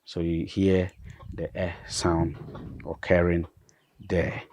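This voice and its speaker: A man, a pastor, patiently explaining vowel sounds and repeating each example word slowly. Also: deep voice, little pitch movement, a little mellow, slight background noise. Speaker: pastor and language teacher.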